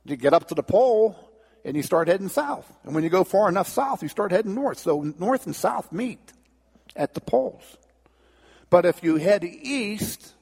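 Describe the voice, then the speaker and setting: Gravelly folksy preacher man. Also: sits high, darkish tone, big-room sound. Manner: folksy, conversational. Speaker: pastor. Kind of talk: sermon with storytelling.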